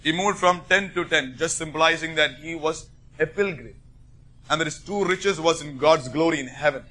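Male preacher, high bright voice, emphatic sermon delivery. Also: moderate pace. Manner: emphatic, rising to forceful bursts.

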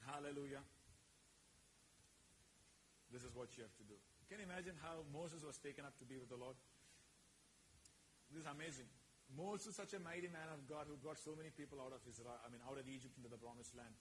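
A man preaching a sermon as pastor, often rising loud and calling out for amens. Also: medium pitch, fast, slight background noise, low-quality recording.

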